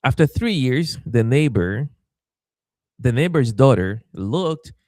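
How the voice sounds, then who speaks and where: A Haitian pastor with a mid-range voice speaks at a slow pace in a dry, clean studio recording. Interviewed on a podcast, he tells a story animatedly, acting out the voices of people he quotes while stammering and repeating himself.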